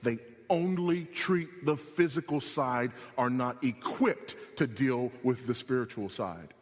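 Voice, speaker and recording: Male pastor, sermon, emphatic and repetitive, mid-pitched voice, long church reverb. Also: slow pace. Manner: emphatic, repeats key points, rises in pitch when pressing a point. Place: church sanctuary.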